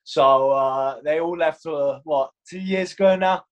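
A man's voice: a little high, measured pace, highs cut off. A young man from Iceland with a London-tinged English accent, a goalkeeper chatting in an interview, laughing and acting out quotes. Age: young adult. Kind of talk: casual interview chat.

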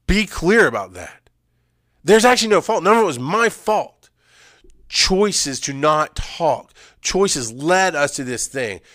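A man's voice: fairly high pitch, very animated, dry recording, studio quality. Intense man telling a raw personal story. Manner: intense, swings from loud urgent emphasis to hushed, halting recall. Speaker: speaker sharing personal story. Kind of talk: emotional personal testimony.

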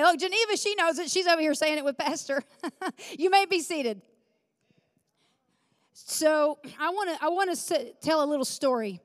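A woman's voice: high voice, animated, normal speed, pauses often. A woman pastor in her forties preaching in a church, praying fervently and telling a personal story earnestly. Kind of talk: sermon with prayer and personal story. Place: church sanctuary. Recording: long reverb of a large hall.

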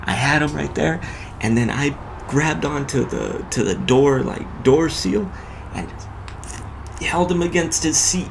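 A man's voice: fairly high pitch, lively intonation, measured pace, creaky, noisy background. A male podcast host casually telling a profane road-rage story in loose street slang.

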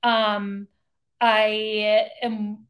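A woman's voice: medium pitch, level tone, extremely slow. A woman co-hosting a podcast, chatting casually about politics in an opinionated, sarcastic way. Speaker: podcast co-host.

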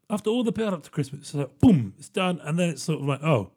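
A man's voice: a little high, lively intonation, brisk, darkish tone, breathy edge. A young man hosting a casual solo podcast, rambling and chatty, laughing often. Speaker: podcast host.

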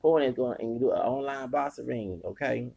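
The podcast host, from the US, has a medium-pitched, warm, husky voice with vocal fry and a moderate pace. He gives heated, wandering commentary riddled with stumbles and repeated words, and the recording is rough.

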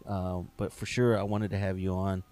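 A man's voice: low-pitched, little pitch movement, normal speed, mellow. A middle-aged man hosting a podcast interview, easygoing and hesitant with many ums. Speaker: podcast host. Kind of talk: casual interview.

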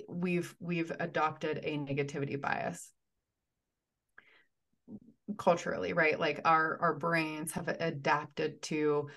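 A woman with a lowish voice talks slowly and thoughtfully as a guest on a podcast. She often restarts her sentences as she works through an idea, taking her time over each point. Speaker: guest, somatic therapist. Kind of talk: conversational podcast interview.

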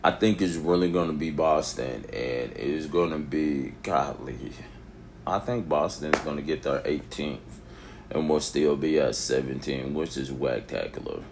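A young man giving a rambling, casual opinion monologue, rising to near shouts and then dropping to a low mutter. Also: unhurried, creaky, noisy background. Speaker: vlogger.

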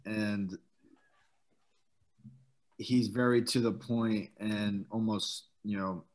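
Chill guy in his thirties swapping gym stories, cusses a lot, easygoing. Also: fairly low pitch. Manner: laid-back, swears freely, laughs while telling stories. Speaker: former pro football player, guest. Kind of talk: casual storytelling chat.

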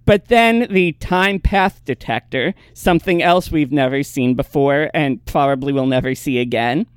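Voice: mid-range voice, normal speed, clear, resonant tone, no room sound, studio quality. A podcast co-host casually recapping an episode's plot step by step, laughing often.

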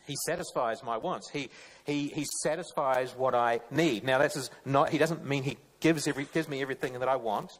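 A man's voice: mid-range voice, fairly quick, few pauses, poor audio. Guy giving a chatty sermon, earnest, keeps restarting his sentences. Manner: earnest, plain-spoken, often restarts mid-phrase. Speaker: preacher. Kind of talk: conversational sermon.

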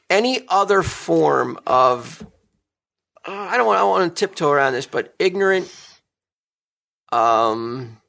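Lively gravelly New man. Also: on the high side. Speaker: podcast host. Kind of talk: casual chat.

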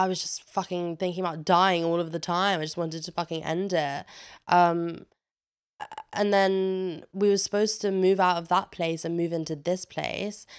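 A woman's voice: lowish voice, smooth. A woman in her twenties tells a candid personal story in a chatty vlog, swearing freely and acting out what people said. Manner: chatty and swearing, with animated re-enacted quotes. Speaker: vlogger.

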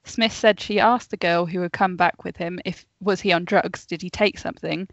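A woman's voice: fairly low pitch, steady tone, moderate pace, gravelly, dry recording, highs cut off. Chatty woman telling a story. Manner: reads from notes, laughs often, chatty asides. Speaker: podcast co-host. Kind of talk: casual storytelling chat.

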